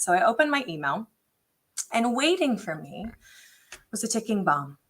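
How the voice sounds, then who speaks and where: A woman in her forties, a tech integration specialist, telling an animated story in a casual panel chat and acting out the quotes. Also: medium pitch, moderate pace, long pauses, husky.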